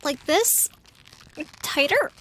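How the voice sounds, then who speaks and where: A woman's voice: high-pitched, lively intonation, extremely slow, fairly bright tone, slight background noise. A woman performing a scripted adult audio role-play, sighing often and talking in a wry, self-mocking way into a close microphone.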